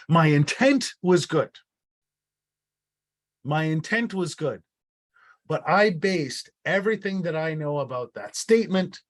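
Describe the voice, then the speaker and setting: Man who stammers over repeated words. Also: medium pitch. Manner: repeats words often, restarts a lot. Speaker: workshop facilitator. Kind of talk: online workshop presentation.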